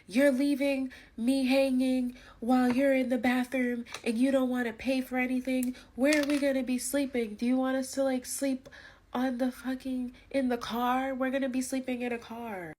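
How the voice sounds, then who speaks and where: A woman mimicking a shrill furious girlfriend. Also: flat delivery, normal speed, darkish tone, slight background noise, close to an everyday voice. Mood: accusing. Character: angry young woman friend, yelling accusations.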